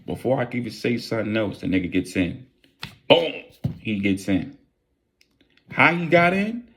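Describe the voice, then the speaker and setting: A young man casually telling a wild story in a vlog, with animated, profane street slang. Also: on the low side, normal speed, creaky.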